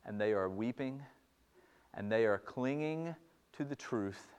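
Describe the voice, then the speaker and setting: A man preaching a sermon, moving from hushed, slow passages to loud, fervent ones and repeating phrases for emphasis. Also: medium pitch, animated, clean tone. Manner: impassioned, swings from hushed to loud. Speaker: pastor.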